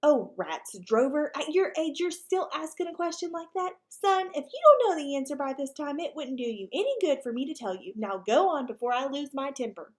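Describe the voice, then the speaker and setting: A woman's voice: very animated, moderate pace, hardly any pauses. A woman voicing a self-important, blustering male ranch dog who talks in a bossy, pompous way. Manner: bossy and pompous, lower than her reading voice.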